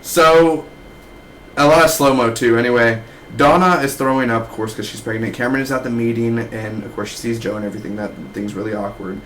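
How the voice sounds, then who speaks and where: A man's voice: mid-range voice, fairly quick, fairly bright tone, slight background noise, low-quality recording. A man in his twenties giving a casual, rambling TV episode review, full of slang like "man" and "dude". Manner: slangy, loose, keeps saying man and dude. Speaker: TV show reviewer.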